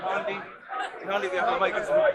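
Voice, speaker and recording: A man's voice: extremely high pitch, normal speed. A man marshalling a rally outdoors, calling out instructions to the people gathering. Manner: shouting orders to the crowd. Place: outdoors on a city street. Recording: distant voice outdoors with very loud crowd.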